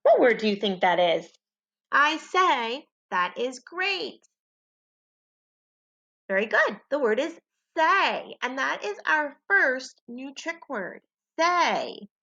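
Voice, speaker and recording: Woman, primary teacher reading slowly to small kids, bright animated delivery, dull lo-fi home recording. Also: sits high. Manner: slow, clear, exaggerated sentence modeling for young kids. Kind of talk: children's phonics lesson.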